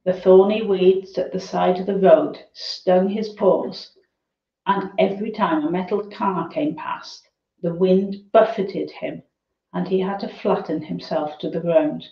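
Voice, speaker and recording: A woman reads a children's novel aloud, measured and expressive, her voice low and very unhurried. The recording sounds roomy and somewhat dull and lo-fi. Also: gravelly. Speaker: reader.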